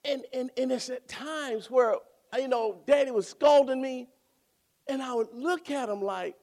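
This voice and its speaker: A man preaching a sermon, swinging from loud exclaiming to hushed near-whispers. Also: very high-pitched, unhurried.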